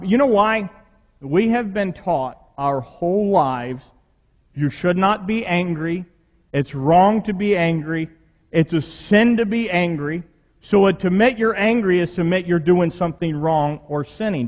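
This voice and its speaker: Guy preaching in church, chatty, asks the crowd questions, big hall reverb. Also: high-pitched. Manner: conversational preaching with rhetorical questions. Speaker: pastor. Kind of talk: sermon.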